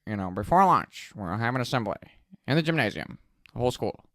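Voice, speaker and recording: A man voicing a strict male high-school principal who lectures and scolds students. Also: sing-song, quick pace, no echo, studio quality. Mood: stern lecturing. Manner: lecturing, scolding, shouting orders.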